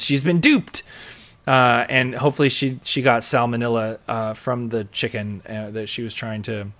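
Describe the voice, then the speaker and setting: A man hosting a podcast, recapping a TV episode in a chatty, excitable way with many fillers. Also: mid-range voice, normal speed. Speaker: podcast host.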